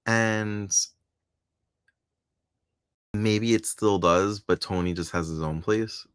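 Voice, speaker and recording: A man with a very low, deep voice, recapping soap episodes in a relaxed, chatty way. He laughs often and slips into playful voices when quoting characters. The sound is close and dry, with almost no room around it. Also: slow pace, clean tone, dry recording. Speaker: podcast co-host. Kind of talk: casual chat recapping a soap opera.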